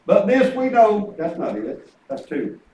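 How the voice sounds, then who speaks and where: A man's voice: high-pitched, big pitch swings, measured pace, mellow, lo-fi sound. An older man preaching a folksy sermon, telling family stories with chuckles and quoting his grandkids. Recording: echoey room picked up from a distance.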